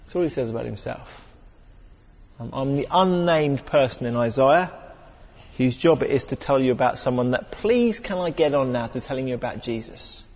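A man's voice: mid-range voice, normal speed, in a large hall, dull audio. A man preaching a conversational sermon, acting out little exchanges with humor and fillers. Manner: conversational, animated when acting out exchanges, self-deprecating humor.

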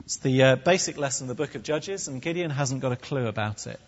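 A preacher gives a sermon with wry humour and a very lively, swooping pitch. His voice is a little husky and slightly high. It sounds dull and echoey, as if caught from the far side of a large hall. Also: quick pace. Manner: animated, wry, with comic put-on voices. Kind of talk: sermon with humorous asides.

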